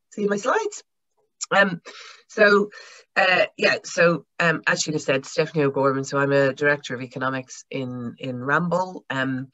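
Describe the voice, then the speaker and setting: Irish woman presenting on a zoom call, bright forceful voice, dry muffled audio, chatty with lots of little pauses. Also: low-pitched, no echo. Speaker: guest speaker, consultant. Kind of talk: conversational presentation over a video call. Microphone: video call. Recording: dull lo-fi video call audio.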